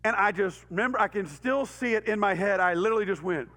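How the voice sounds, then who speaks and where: A middle-aged man with a Texan accent, a pastor telling a story in a sermon, animated, acting out voices and sound effects and laughing often. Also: high-pitched, fast. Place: church hall. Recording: reverberant church hall.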